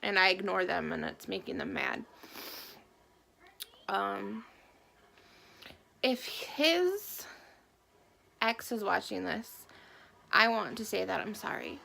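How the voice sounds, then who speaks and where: A young woman talks quietly and haltingly, stopping often and fighting back tears. Her voice is mid-pitched and slips into a gravelly fry. She speaks to the camera about her own life. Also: big pitch swings, a little hiss or hum. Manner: soft, halting, emotional, with many pauses and fillers. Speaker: woman sharing her story. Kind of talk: personal testimony to camera.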